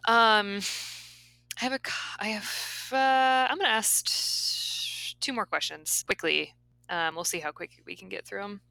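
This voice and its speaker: A woman's voice: mid-range voice, steady tone, a little slow, vocal fry, bright, forceful tone, no room sound, low-quality recording. A woman co-hosting a casual podcast conversation, talking thoughtfully and hesitantly with many fillers as she asks questions. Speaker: podcast co-host asking the questions.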